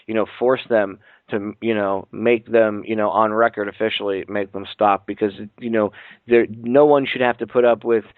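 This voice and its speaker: A man hosting a podcast interview, opinionated and ranting, with halting restarts. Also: lowish voice, fairly even intonation, no room sound. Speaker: host. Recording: dry tinny phone-like line.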